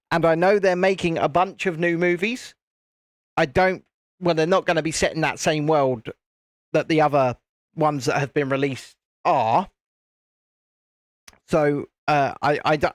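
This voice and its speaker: British man, high voice, live-stream host, chatty, jokey, dry close sound. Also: no room sound. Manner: chatty and jokey, laughs often, restarts sentences. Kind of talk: casual chat while building, answering viewer comments.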